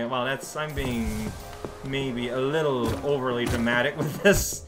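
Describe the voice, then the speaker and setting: Slow, rambling man playing a video game. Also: medium pitch, steady tone. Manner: rambling, playful, talks to himself and to game characters. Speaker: let's play host. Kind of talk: casual gameplay commentary. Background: game music.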